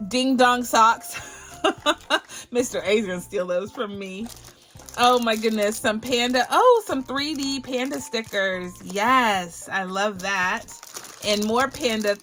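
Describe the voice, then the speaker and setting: Female vlogger from Barbados, higher voice, effusive unboxing chatter, faint music bed. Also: lively intonation, slow pace, fairly bright tone. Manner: bubbly, effusive, gushing thanks. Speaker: budgeting channel host. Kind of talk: casual unboxing vlog.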